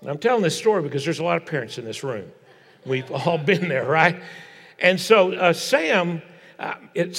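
An older man preaching a sermon in a large church. He tells family stories in a folksy way and drops to a hush for emphasis. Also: on the high side. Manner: folksy storytelling, dropping to a hushed tone for emphasis. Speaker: pastor. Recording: long reverb of a large hall.

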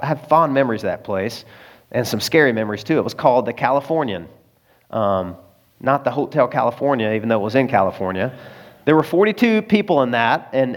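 A man from Arkansas, a pastor telling a story in a sermon in a folksy, self-mocking way and acting out the voices in it. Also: mid-range voice.

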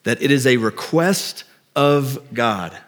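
A man's voice: medium pitch, lively intonation, takes it slowly, fairly bright tone. Male pastor with a mid-range voice, preaching to a congregation in an easy, conversational way and posing questions. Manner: explanatory, asks the listeners rhetorical questions. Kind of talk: conversational sermon. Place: church before a congregation.

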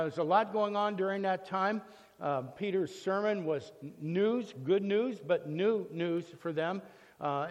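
A man giving a conversational Bible lesson, telling the story with frequent fillers and restarts. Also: on the high side. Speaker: Bible teacher. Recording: long reverb, echoey hall.

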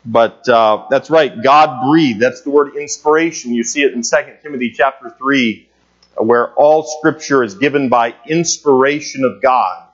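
In a church meeting room, a man teaches a Bible class conversationally, using lots of filler sounds and putting questions to the class. His voice is medium-pitched and unhurried, and the recording sounds muffled.

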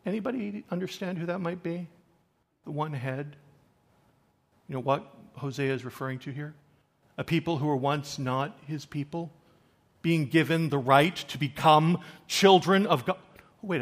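A man preaching a sermon, swinging from loud, emphatic scripture reading to quiet, conversational asides to the congregation. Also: a little high, normal speed. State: choked up with emotion.

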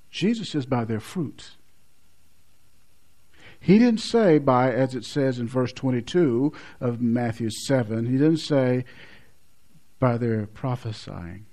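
Male preacher, sermon delivery, big swings from loud bursts to hushed low lines, repeats key words, mid-pitched voice. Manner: swings from loud emphatic to low quiet stresses.

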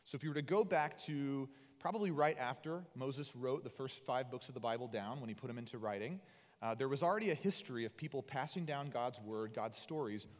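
A man preaching a sermon, animated and conversational, acting out the voices he quotes. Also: mid-range voice, a little fast. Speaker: pastor. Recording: long hall reverb.

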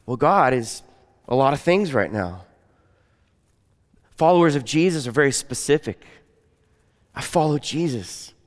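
A man delivers a sermon in an earnest, conversational way, often dropping to a soft, quiet tone. His voice is smooth and resonant, and it carries a long reverb from the hall around him. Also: medium pitch, big pitch swings, moderate pace, pauses often. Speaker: pastor.

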